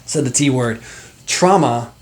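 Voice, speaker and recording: A man's voice: medium pitch, a little slow, noisy background. A middle-aged man, a life coach, talking animatedly and casually to the camera with many fillers and asides. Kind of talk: motivational talk to camera.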